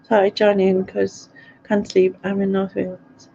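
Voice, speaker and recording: Chatty Sunderland woman with gravelly voice. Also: medium pitch, monotone, measured pace, mellow, lo-fi sound, a little hiss or hum. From North East England. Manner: rambling, giggly, chatty. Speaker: live stream host. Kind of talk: casual chat reading viewer comments.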